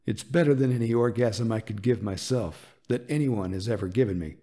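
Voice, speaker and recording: A man narrating a romance audiobook in a soft, unhurried and intimate reading. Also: mid-range voice.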